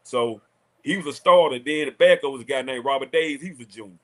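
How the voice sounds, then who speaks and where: A man, a former college quarterback telling animated, laughing stories as a talk show guest. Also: mid-range voice, fast talker. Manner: animated, laughing storyteller acting out quotes. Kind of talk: casual storytelling on a talk show.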